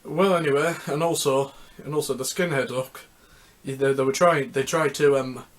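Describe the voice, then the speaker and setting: A man's voice: medium pitch, steady tone. A man in a mid-range voice gives an unscripted talk on music history. He rambles and halts, stops often to restart his sentences, and keeps a loose, casual way of talking. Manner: rambling, halting, with many restarts. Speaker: music history video host.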